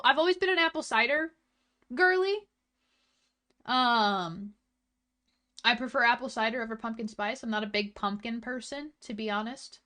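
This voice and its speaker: A woman's voice: sits high, pushed and bright. A young woman streamer chatting casually with her viewers, blunt and full of swearing. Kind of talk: casual chat stream, reading chat.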